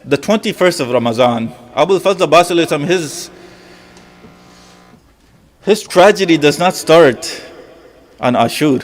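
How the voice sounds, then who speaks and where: A man's voice: fairly high pitch, animated, moderate pace, pauses often, slight background noise. A man preaching a mourning sermon. He asks rhetorical questions, repeats key phrases, and retells scenes through quoted dialogue.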